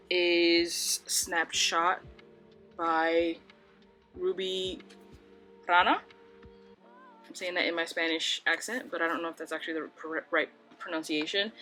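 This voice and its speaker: A young woman book vlogger chats casually at home about books, rambling with lots of "like"s. Her voice is lowish, pushed and bright.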